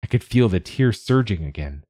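An audiobook narrator, a man with a voice on the low side, reads a first-person novel aloud in a steady, measured way. It is scripted first-person narration, recorded in a clean studio with no room sound.

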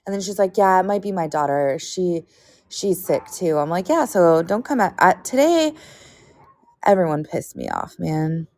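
A woman's voice: lowish voice, animated, moderate pace, a little mellow. A woman co-hosting a podcast, venting in casual chat with frequent swearing. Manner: exasperated venting, profane. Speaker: podcast co-host.

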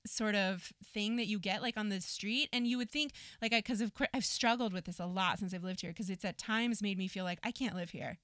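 A woman's voice: medium pitch, brisk, few pauses, a bit bright, smooth, no echo, studio quality. An American woman in her thirties, a podcast guest chatting casually and animatedly with lots of fillers. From United States.

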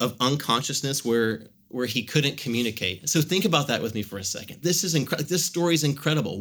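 A man's voice: medium pitch, fairly bright tone. A man preaching a sermon in a casual, conversational way, telling a story with lots of "like" fillers. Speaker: pastor.

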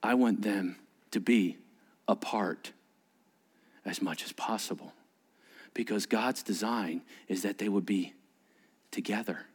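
A male pastor preaching a sermon. He acts out wedding scenes in an animated way and drops to a hushed, low delivery for emphasis. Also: takes it slowly, pauses often, in a large hall.

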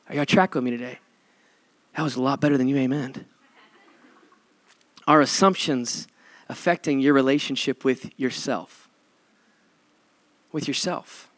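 A man in his thirties preaching a sermon to a congregation, an animated storyteller who jokes with the crowd. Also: mid-range voice, no echo. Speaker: pastor. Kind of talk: sermon with humorous stories. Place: church stage before a congregation.

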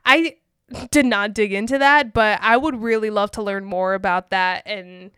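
Clear-voiced woman, easygoing co-host. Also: medium pitch, steady tone, bright, forceful tone, no room sound, studio quality. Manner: agreeable, quick to laugh, short responses. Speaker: podcast co-host. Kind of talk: casual film discussion.

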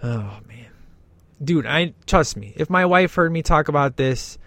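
A man's voice: a little high, lively intonation, measured pace, fairly bright tone, no room sound. A man giving casual, jokey, enthusiastic commentary while watching a movie.

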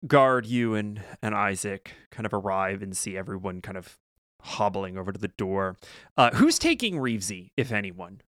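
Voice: low voice, sing-song, normal speed, fairly bright tone, no room sound, studio quality. A game master narrating a tabletop game in a loose, filler-heavy way.

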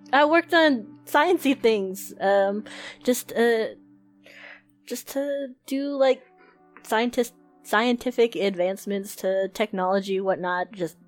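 A woman playing a tabletop role-playing game in character, hesitant and stammering. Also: fairly high pitch.

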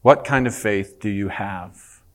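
A man preaching a sermon as pastor in a church, earnest and emphatic, turning animated when he tells a story. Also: on the low side, a little slow.

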